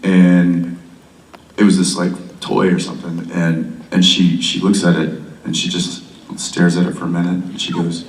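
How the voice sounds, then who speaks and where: A man's voice: low voice, moderate pace. A man on a convention stage telling a funny anecdote about a child, laughing often. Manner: animated storyteller, laughs often. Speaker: convention panel guest. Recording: echoey hall, far from the mic, noisy.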